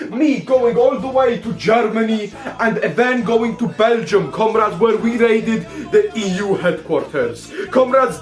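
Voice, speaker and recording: A young man narrating a casual travel vlog, excitable and swearing, calling his audience comrades again and again. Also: extremely high pitch. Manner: excitable, swears, says "comrades" in nearly every line. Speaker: vlogger host. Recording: roomy echo, faint music behind.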